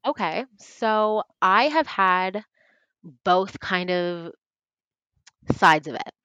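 A young woman in her twenties, a podcast guest telling her story in casual chat, earnest and animated, acting out what others said. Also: medium pitch, very slow, clean tone, no echo, dull audio. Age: 20s. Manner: earnest, animated, acts out quoted voices.

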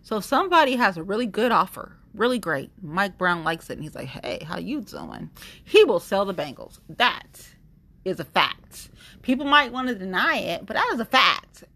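A young woman talking in a casual monologue, rambling and animated, with blunt opinions and lots of fillers. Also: mid-range voice, moderate pace. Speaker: vlogger sharing opinions.

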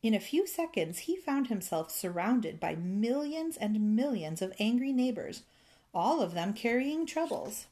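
A woman reading a children's fairy tale aloud in a gentle, rhythmic way, savoring its repetitions. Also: a little high, sing-song, measured pace. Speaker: storyteller.

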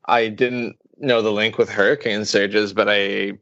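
A man's voice: lowish voice, little pitch movement, a little slow, fairly bright tone, dry recording, dull audio. Young man, dry close casual storyteller. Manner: easygoing storytelling, swearing, with filler words. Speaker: podcast co-host. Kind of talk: casual chat.

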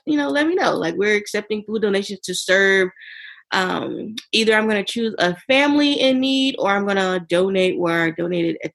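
A woman co-hosting a casual chat, upbeat and rambling with lots of fillers. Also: medium pitch. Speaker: podcast co-host.

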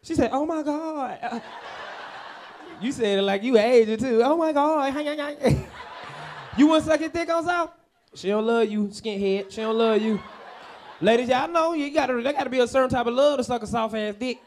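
Comic, male, very high voice, brash crowd-work, faint hiss under it. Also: normal speed. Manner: loud, profane, laughing at his own jokes. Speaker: stand-up comedian working the crowd. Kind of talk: live crowd-work comedy. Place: live club show.

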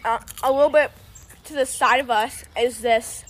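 A young woman chatting excitedly while taste-testing snacks in a backyard, laughing and squealing. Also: high-pitched, moderate pace. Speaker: co-host. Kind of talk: casual chat taste test. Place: outdoors in a backyard. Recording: outdoor noise, birds. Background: birds and wrapper crinkling.

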